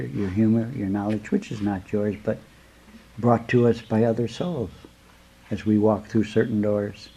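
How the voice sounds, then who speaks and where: A man, a spiritual teacher giving a slow, rambling talk to his students, whom he calls his beloved. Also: lowish voice, dark tone, breathy edge, low-quality recording.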